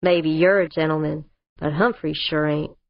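A woman's voice: low voice, steady tone, normal speed, dry recording. A woman narrator voicing a spirited, wisecracking young woman spacecraft pilot in an audiobook. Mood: cheeky. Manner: breezy, wisecracking. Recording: dull lo-fi audiobook recording.

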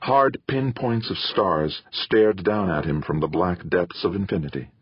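A man narrating a story in scripted, expressive audiobook style. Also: low voice, a little slow, husky, dry recording, muffled recording.

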